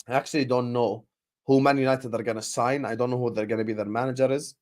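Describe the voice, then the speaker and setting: A young man hosting a football transfer stream in casual live chat, animated and slangy, and he repeats his points. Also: mid-range voice, fast talker.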